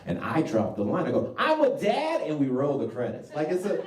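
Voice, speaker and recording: A male stand-up comic performing in a small club who tells his stories with lively swings in pitch. His voice sits low and mellow. The recording sounds roomy, and the mic is set back from him. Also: a little fast. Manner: animated storytelling with frequent "you know what I'm saying". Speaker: stand-up comedian. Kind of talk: stand-up comedy. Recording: echoey room, distant mic.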